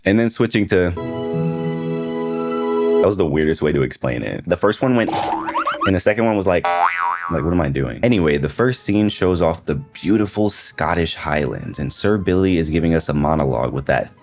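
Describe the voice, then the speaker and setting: A man's voice: low voice, expressive, normal speed, over loud music. A man doing a comedic movie review voice-over in a sarcastic, exasperated, slangy way.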